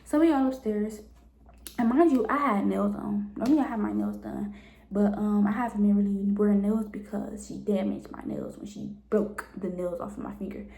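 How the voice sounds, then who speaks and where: A young woman in her twenties from Cleveland tells a story with blunt, animated energy. Her voice is warm and mellow, and it carries a noticeable room echo. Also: medium pitch, normal speed, vocal fry. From Cleveland, Ohio, US. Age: 20s. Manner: blunt, animated retelling with frank language. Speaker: vlogger. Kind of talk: casual storytime. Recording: echoey room.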